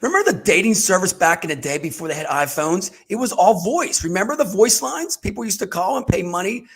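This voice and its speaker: A staffing company host chats with high energy, as if he were on stage. His voice sits a little high for a man and bounces with excitement. He keeps the talk casual and hyped. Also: a little fast, husky. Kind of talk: casual podcast chat.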